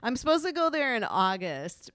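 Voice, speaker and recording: A woman's voice: on the high side, very animated, moderate pace, fairly bright tone, no echo, clean studio sound. A woman with a Chicago accent, co-hosting a casual chat show, talking bluntly and swearing freely. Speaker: podcast co-host.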